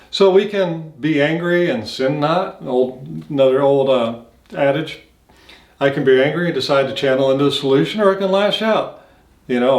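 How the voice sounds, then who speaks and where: Man, earnest reflective talk, rhetorical questions, mid pitch, roomy echo. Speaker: motivational speaker. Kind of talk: reflective monologue.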